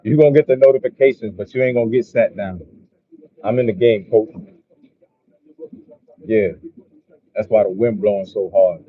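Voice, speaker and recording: A man rambles through a fired-up motivational talk, swearing often and circling back over the same phrases. His voice is husky and a little breathy. The sound is thin and tinny, like a phone line. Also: on the low side, moderate pace, long pauses. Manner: profane, repetitive, preachy. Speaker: motivational vlogger. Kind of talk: casual motivational monologue.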